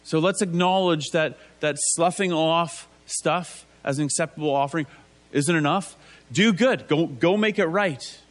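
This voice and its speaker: A man's voice: fairly high pitch, unhurried. A man preaching a conversational sermon, asking rhetorical tag questions and acting out biblical figures in casual voices.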